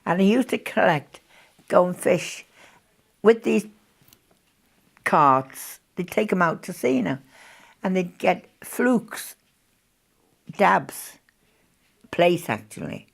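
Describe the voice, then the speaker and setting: A woman's voice: fairly low pitch, lively intonation, slow pace, vocal fry, pauses often. A woman, chatting as she recalls wartime memories in an interview and laughing often. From Birkenhead, England. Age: 80s.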